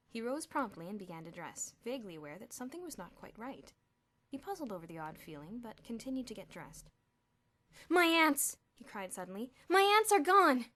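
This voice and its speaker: A woman narrating a children's novel as an audiobook, telling the story expressively. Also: medium pitch. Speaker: audiobook reader.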